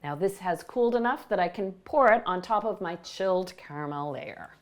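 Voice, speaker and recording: A woman hosting a baking show, explaining each step with clear, enthusiastic instructions from a kitchen. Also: lowish voice, expressive, moderate pace. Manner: warm, explanatory, enthusiastic about the food. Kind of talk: cooking demonstration.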